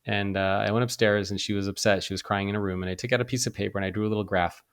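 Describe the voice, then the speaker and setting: A man hosting an interview, telling a story in a casual, energetic way with many fillers. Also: on the low side, clear, resonant tone. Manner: fast, energetic, full of fillers. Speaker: host.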